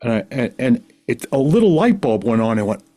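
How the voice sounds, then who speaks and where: A middle-aged man, a podcast guest, telling a long personal story in a rambling, animated way and acting out the voices of people in it. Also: mid-range voice, fairly quick. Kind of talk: casual storytelling.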